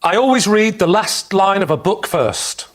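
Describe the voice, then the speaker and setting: A man telling comic stories as a team captain on a panel show, deadpan and quick-witted. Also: sits high. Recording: studio audience laughter and noise.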